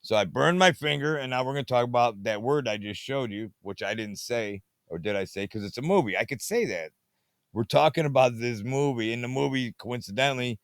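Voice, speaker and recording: A man's voice: medium pitch, smooth, dry recording. Rambling man in a dry room. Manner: meandering, repeats catchphrases, easily sidetracked. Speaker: host of a late-night movie review show. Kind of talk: rambling casual monologue. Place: home at night, fiddling with a tablet.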